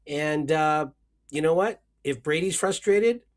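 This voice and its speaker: Sarcastic male co-host, somewhat high voice. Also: measured pace. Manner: sarcastic, mock-emotional rants. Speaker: podcast co-host. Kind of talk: casual sports chat.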